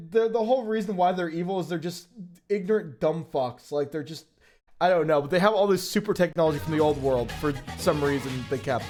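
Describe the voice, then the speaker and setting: A male streamer in casual livestream chat, rambling and profane as he gets excited. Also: high voice.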